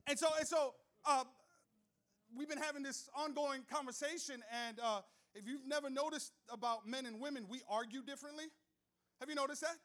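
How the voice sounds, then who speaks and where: A male pastor preaching a sermon, telling funny stories and joking with the crowd, moving from soft asides to loud shouts. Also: very high-pitched, fairly quick. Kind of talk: sermon with humorous storytelling. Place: church hall with live audience.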